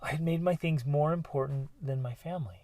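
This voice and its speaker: A middle-aged man hosting a motivational podcast, talking earnestly and breaking into bursts of excitement. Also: fairly high pitch, fairly quick, no room sound. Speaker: podcast host.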